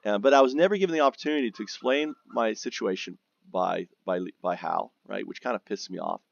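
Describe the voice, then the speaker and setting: Low, gravelly male gamer, casual and swearing, rambling story, dry lo-fi mic. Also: brisk, no room sound. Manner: profane, rambling, with frequent restarts and fillers. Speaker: gamer recounting guild drama.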